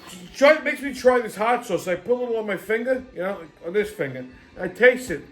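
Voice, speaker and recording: High-voiced New man telling profane stories. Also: animated, a little fast, faint music behind. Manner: profane, laughing often, rambling anecdotes. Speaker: podcast host. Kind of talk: casual storytelling monologue.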